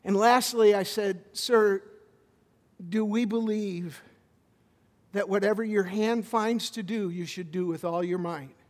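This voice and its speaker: A man preaching a sermon as a visiting pastor, animated, with stammered restarts as he tells a story. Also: sits high, a little slow, big-room sound.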